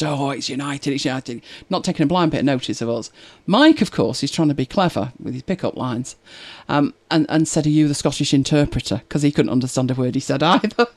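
A woman's voice: sits low, darkish tone. A woman hosting a live stream, chatting casually and telling stories as she reads out viewer comments, laughing often. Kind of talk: casual chat.

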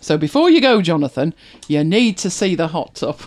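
A host chatting casually and retelling a TV scene, animated and laughing often. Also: medium pitch, normal speed. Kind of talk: casual storytelling chat.

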